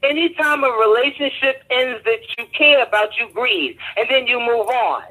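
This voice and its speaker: A woman calling in to a live stream, insisting on being heard and explaining herself in measured terms. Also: fairly high pitch, sharp tone, slightly rough, poor audio. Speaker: caller. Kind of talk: call-in debate.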